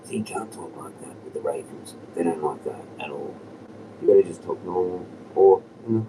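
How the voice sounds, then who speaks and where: A man's voice: low voice, moderate pace, dark tone. A man chatting on a live stream outdoors in a loose, chuckling way, often dropping to a whisper. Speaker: livestreamer. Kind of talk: rambling casual live-stream chat. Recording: distant mic with clear outdoor noise.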